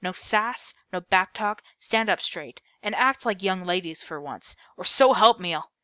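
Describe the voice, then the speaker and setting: A woman's voice: mid-range voice, animated, moderate pace, bright, forceful tone, no echo. A woman doing a mean old caseworker. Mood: stern. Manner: curt, threatening, ordering. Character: mean old female caseworker, a stern pincher.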